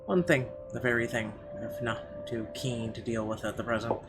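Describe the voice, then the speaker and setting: A man at a middle pitch reading a horror game's narration aloud for viewers, expressive and measured in the story parts. Game music runs faintly behind him. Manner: expressive reading, bursts into profane yelling rants. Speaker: let's player.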